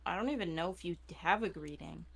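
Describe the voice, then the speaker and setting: A young woman chatting casually while playing an online game with a friend, talking in a lively way and acting out short quotes as she tells a story. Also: lowish voice, fast talker. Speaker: streamer's co-player. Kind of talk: casual chat while gaming.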